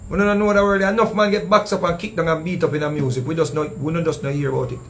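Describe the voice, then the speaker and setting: A man with a Jamaican accent telling a story in casual patois, animated and acting out what others said. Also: fairly high pitch, rapid-fire, slight background noise. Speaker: storyteller recounting a past show.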